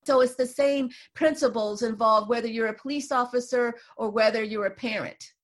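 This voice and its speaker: Female interview guest, author, somewhat high voice, thoughtful explainer who keeps saying "you know.". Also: moderate pace. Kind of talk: conversational interview.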